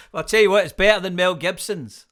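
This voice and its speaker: A man's voice: sits high, a bit bright. A man hosting an interview, chatting casually and hesitating with many ums. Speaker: podcast host.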